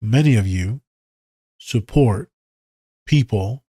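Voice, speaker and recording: A man hosting a podcast, giving blunt, profane advice and telling animated stories in a casual monologue. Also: lowish voice, slow, breathy edge, no echo, clean studio sound. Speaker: podcast host.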